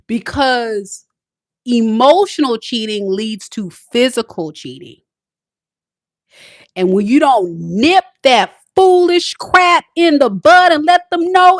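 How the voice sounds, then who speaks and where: A woman hosting a tarot livestream who gives casual advice, swinging from loud dramatic outbursts to calm, low talk. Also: a little slow, no room sound, clean studio sound.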